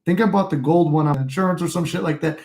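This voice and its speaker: A man's voice: fairly high pitch, very fast, creaky, a little mellow. Profane young man rambling casually. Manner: profane, rambling storytelling, reads chat aloud. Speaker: livestream host. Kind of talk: casual livestream chat.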